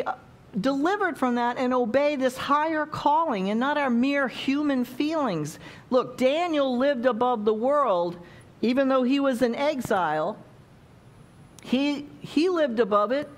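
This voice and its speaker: Woman preaching a casual sermon. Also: high-pitched. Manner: conversational, asks the congregation questions.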